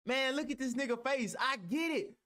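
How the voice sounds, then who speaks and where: A man's voice: very high-pitched, animated, moderate pace, bright, forceful tone. A man reacting to a clip, heated and argumentative, talking with heavy profanity. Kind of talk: ranting reaction commentary.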